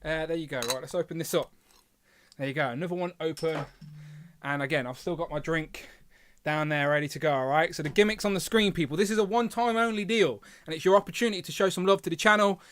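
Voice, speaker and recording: A man's voice: a little high, fast talker, a bit bright, no room sound. A man hosting a casual livestream, chatting and reading viewer comments aloud with filler hums. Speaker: livestream host.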